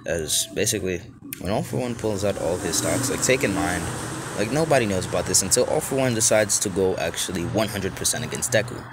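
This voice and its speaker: Rambling low-voiced man telling a fan story. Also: expressive, fairly quick. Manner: rambling, heavy on filler words. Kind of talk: improvised fan-story narration. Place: outdoors. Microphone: phone held close to mouth. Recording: outdoor phone recording with noise.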